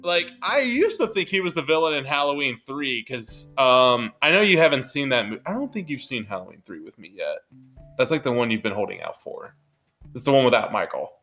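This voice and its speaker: A man's voice: medium pitch, very animated, a little fast, bright, forceful tone, soft background music. A man co-hosting a casual movie podcast, talking in an upbeat, rambling way full of fillers. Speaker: podcast co-host.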